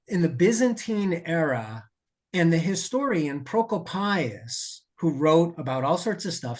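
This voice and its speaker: A man speaking as a podcast guest, telling a story in a lively, digressive way with asides and self-corrections. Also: on the high side. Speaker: podcast guest, safety expert. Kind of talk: conversational storytelling.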